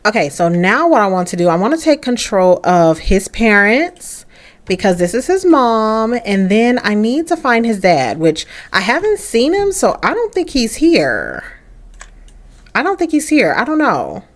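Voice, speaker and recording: A young woman gives chatty let's-play commentary on a life-sim game. Her voice sits on the higher side and bounces with lively pitch. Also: measured pace. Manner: chatty, animated. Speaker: gaming creator.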